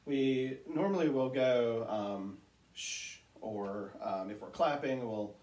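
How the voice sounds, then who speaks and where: A woman's voice: a bass voice, slow, warm tone, a little hiss or hum. A woman co-teaching a children's music lesson, speaking in brief laughing replies. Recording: echoey room, far from mic.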